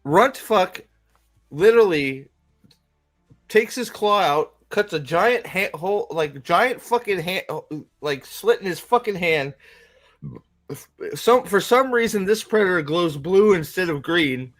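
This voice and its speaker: A man's voice: high voice, lively intonation, unhurried, fairly bright tone, soft background music. A man giving a casual, profane movie rant, rambling and stammering as he goes. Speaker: movie reviewer.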